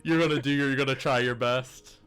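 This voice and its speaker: A man's voice: mid-range voice, steady tone, brisk, over music. A man narrating a tabletop game as game master, often laughing between lines.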